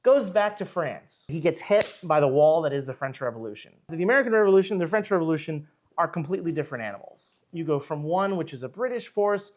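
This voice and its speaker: Lively higher-voiced man telling history. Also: fast talker, few pauses. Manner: lively, rambling retelling full of "you know" and asides. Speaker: archivist and historian. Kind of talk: storytelling history in an interview.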